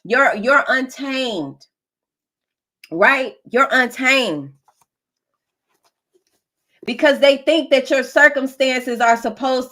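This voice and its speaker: A woman's voice: sits high, sharp tone. A woman giving an emphatic, preachy collective tarot reading, laughing often. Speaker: tarot reader.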